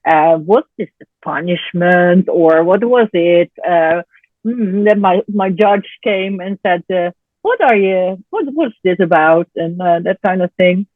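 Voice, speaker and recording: A mother in a casual interview, chatty and animated, who laughs often and sometimes searches for words. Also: on the low side, no echo. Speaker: program participant sharing her story. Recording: tinny phone-line audio, dry.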